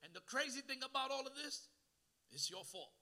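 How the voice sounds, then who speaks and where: A man, preaching a sermon as a guest pastor, swinging from hushed asides to shouting and calling on the congregation to answer. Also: very high voice, big pitch swings, moderate pace.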